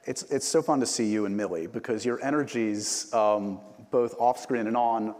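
A man's voice: fairly low pitch, moderate pace, darkish tone. A man hosting an interview, asking questions in a playful, teasing, chatty way. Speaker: interviewer host. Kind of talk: casual promotional interview. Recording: roomy reverb.

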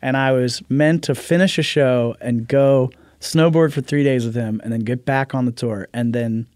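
A man's voice: medium pitch, moderate pace, dry recording. Playful man in a dry studio. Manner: playful, animated storytelling. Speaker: guest author. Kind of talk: casual interview.

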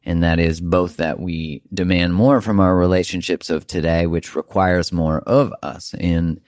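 A man's voice: sits low, fairly even intonation, measured pace, darkish tone, no echo, studio quality. A man hosting a podcast, talking earnestly and emphatically in a reflective monologue, with the odd casual swear. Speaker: podcast host.

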